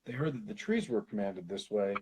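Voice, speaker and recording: An American man leading a casual Bible study, reading verses aloud and thinking out loud between them, with the odd swear and laugh. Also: lowish voice, animated, brisk, a little hiss or hum, poor audio. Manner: thinks aloud, swears, laughs, reads Hebrew then explains.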